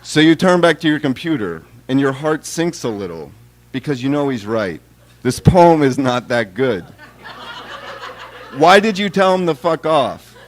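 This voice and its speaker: A man giving a live reading of his own poems in a wry, deadpan, conversational way. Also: fairly high pitch, unhurried, slight background noise.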